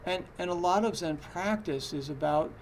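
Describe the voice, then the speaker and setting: Speaking at an ordinary pace in a high-sitting voice, the male Zen teacher offers a dharma talk with a little noise behind him. His delivery is casual and halting, full of fillers and restarts.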